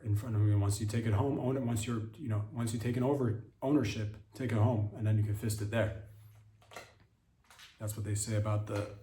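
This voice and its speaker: A man doing a rambling, profane comedic podcast monologue that jumps into excited, high-pitched asides. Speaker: podcast host. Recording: roomy echoey sound.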